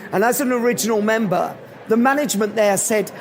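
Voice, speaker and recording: A man giving a live motivational talk at an event, telling animated anecdotes. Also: high-pitched, a little fast, slight background noise. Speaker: motivational speaker.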